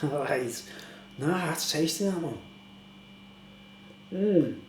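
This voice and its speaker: A man's voice: a little high, animated, drawn-out words, long pauses, echoey room, slight background noise. A British man chatting in a rambling, casual way for his vlog, often asking "you know what I mean?". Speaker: YouTuber reviewing beer.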